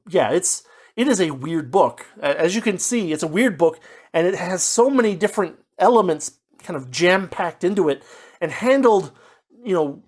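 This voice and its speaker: A man giving a casual spoken book review, rambling with lots of fillers and restarts, now and then slipping into quick mock voices as he paraphrases. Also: fairly high pitch. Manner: puts on brief mock voices when paraphrasing.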